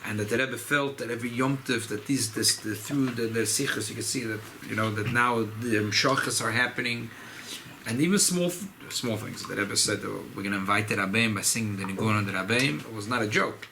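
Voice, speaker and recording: A rabbi, speaking informally at a farbrengen gathering, often repeating and restarting phrases. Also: male voice, fairly low pitch, fairly quick, vocal fry, noisy background. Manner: repetitive, restarts phrases, mixes Yiddish and Hebrew terms. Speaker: rabbi giving a farbrengen talk. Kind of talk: informal Chassidic talk at a gathering.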